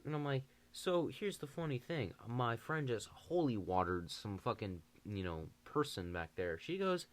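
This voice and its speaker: A young man telling a story on his channel, animated and full of swearing. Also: mid-range voice, moderate pace, hardly any pauses. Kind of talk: casual storytime.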